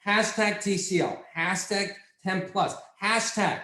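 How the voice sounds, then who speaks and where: Excitable man in an echoey room. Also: high voice, slow. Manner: excitable, repetitive, salesy. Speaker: company chairman leading a sales training. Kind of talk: enthusiastic product training talk.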